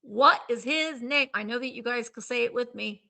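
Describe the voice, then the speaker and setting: Woman rambling on a live stream chat, highish voice, bright with some fry. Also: normal speed. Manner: rambling and chatty, trails off hunting for names. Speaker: live-sale stream host. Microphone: streaming setup.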